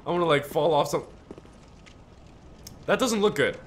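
A man doing let's play commentary on a video game, loud and profane, with screaming reactions and mock-heroic asides. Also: on the high side, normal speed. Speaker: gaming YouTuber.

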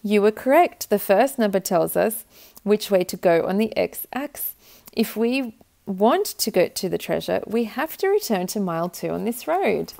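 A woman voicing an eager young boy on a treasure quest in a storybook read-aloud, with a slightly gravelly voice. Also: mid-range voice, very animated, normal speed, darkish tone.

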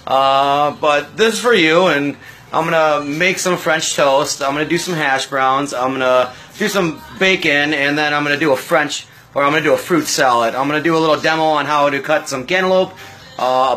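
A man hosting a casual home cooking livestream from his kitchen, laid-back and chatty, walking through each step with lots of pauses and fillers. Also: a little high, bright, forceful tone, slight background noise, poor audio.

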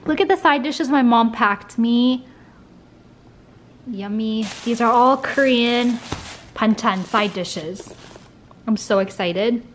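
Young woman vlogger, high voice, unhurried, bubbly chatter to camera, faint hiss behind. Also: far from the mic. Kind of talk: casual vlog.

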